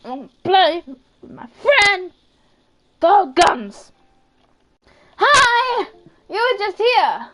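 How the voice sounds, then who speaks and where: Hyper high-voiced woman streamer. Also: fairly bright tone. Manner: hyper, squealing, wailing in mock distress. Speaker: game streamer. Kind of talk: hyper casual live-stream chat.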